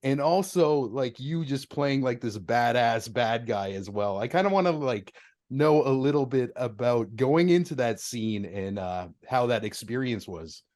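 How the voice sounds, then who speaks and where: A man hosts a casual podcast interview at an ordinary pitch. He asks his questions in a loose, laid-back way. Plenty of fillers like "like" and "um" pad out his sentences. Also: lively intonation, a little slow, darkish tone. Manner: laid-back, heavy use of like and um. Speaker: podcast host.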